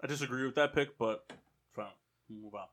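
A man's voice: mid-range voice, a little fast, a bit bright. A man co-hosting a casual sports podcast, arguing his opinions at length. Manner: opinionated, argues points at length. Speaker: podcast co-host.

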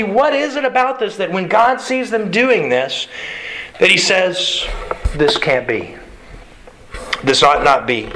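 A man's voice: high voice, bright, forceful tone, low-quality recording. A man preaching a sermon in a conversational way, asking the congregation questions as he explains a passage. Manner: conversational, quizzes the audience.

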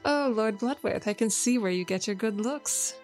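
A woman player speaking in character during a tabletop game, playful and flattering. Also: a little high, normal speed, faint music behind.

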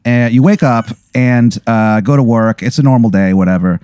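A man's voice: mid-range voice, moderate pace, a little mellow, smooth, no echo, clean studio sound. A man casually spinning a rambling hypothetical story, full of "like" and "you know what I mean.". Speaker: host telling a hypothetical.

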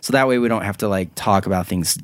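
A young adult man hosting a casual podcast chat, rambling and halting, with many fillers and quick laughs. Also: lowish voice, no echo, clean studio sound. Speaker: podcast host.

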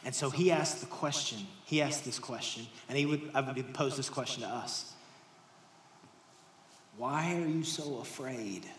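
A man preaching a sermon to a congregation, talking to them directly and dropping to hushed near-whispers before raising his voice for emphasis. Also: medium pitch, fairly even intonation, normal speed, hardly any pauses, slight background noise. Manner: shifts between hushed near-whispers and raised emphatic lines; conversational, addresses the congregation directly. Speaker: pastor. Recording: roomy hall sound with faint ambience.

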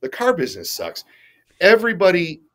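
A man's voice: high voice, huge pitch swings, brisk, fairly bright tone. Middle-aged guy rambling thru stories on a podcast, lots of restarts and stammers, self-deprecating, swears a bit. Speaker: guest. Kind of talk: casual interview storytelling.

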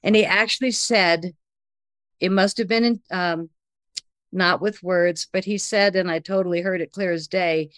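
A woman telling a personal anecdote in conversation, lively and breathless, acting out the lines of the people in it. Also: on the low side, normal speed, no room sound. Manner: lively, breathless retelling with acted-out quotes.

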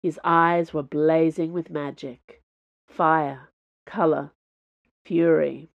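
A woman author reading her fiction aloud as a podcast host, in measured storytelling. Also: deep voice, fairly even intonation, creaky, muffled recording. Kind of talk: audiobook narration.

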